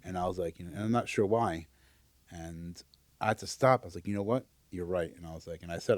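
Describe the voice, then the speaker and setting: A man's voice: low voice, quick pace, no room sound. A man co-hosting a podcast in a casual, heartfelt conversation, hesitant and searching as he opens up about his own struggles. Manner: hesitant and searching, many fillers and restarts while opening up. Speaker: podcast co-host.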